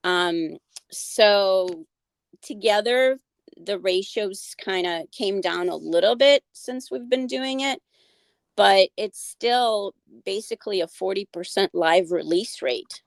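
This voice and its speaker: Earnest woman with a gravelly edge. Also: medium pitch, takes it slowly, no echo. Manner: earnest, many fillers and restarts. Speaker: guest, animal advocate. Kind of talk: casual interview conversation.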